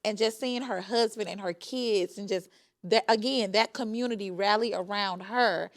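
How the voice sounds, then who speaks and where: A woman's voice: mid-range voice, normal speed. A woman from Alabama with a Southern accent, a book tour organizer talking with enthusiasm. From Montgomery, Alabama. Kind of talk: casual interview.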